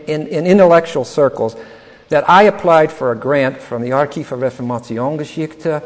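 A man's voice: a little high, normal speed, long reverb tail. An older man telling a personal story in a rambling, chuckling way, often repeating words. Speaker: speaker telling his life story. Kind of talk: anecdotal storytelling talk.

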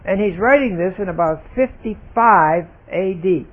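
A man leading a Bible study lesson, explaining grammar deliberately and stressing single words. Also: high-pitched, animated. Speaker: Bible teacher. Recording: tinny phone-like recording.

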